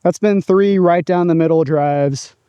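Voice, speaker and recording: A man's voice: on the high side, unhurried, warm tone, smooth, no echo. A man casually talking through his disc golf throws in an open field, upbeat and chatty. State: out of breath at times. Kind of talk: casual outdoor vlog commentary.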